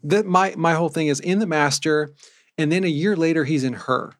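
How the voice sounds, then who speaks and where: A man's voice: fairly high pitch, brisk, no room sound, studio quality. A man co-hosting a film podcast, speaking casually, with lots of "like" and "um" and easy laughter. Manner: hesitant, many fillers, laughs easily. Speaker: podcast co-host.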